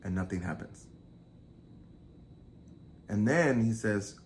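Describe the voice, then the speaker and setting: A man's voice: mid-range voice, normal speed, slight background noise. A man casually retelling a true crime story, acting out the quoted lines with lots of energy.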